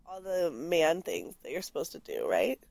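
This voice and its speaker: A woman's voice: sits low, sing-song, normal speed, gravelly, darkish tone, no echo. A woman co-hosting a podcast in casual chat, playful and rambling with lots of fillers and laughter. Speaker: podcast co-host.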